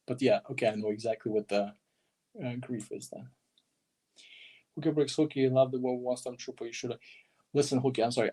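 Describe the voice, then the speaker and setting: A man's voice: medium pitch, vocal fry, a little mellow, slightly rough. A man casually flipping through a book on a livestream, rambling and chatting with his viewers.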